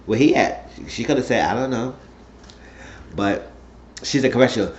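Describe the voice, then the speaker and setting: A man's voice: mid-range voice, normal speed, long pauses. A man casually recapping a reality TV episode, rambling through the story in loose, slangy talk. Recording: roomy, dull lo-fi sound.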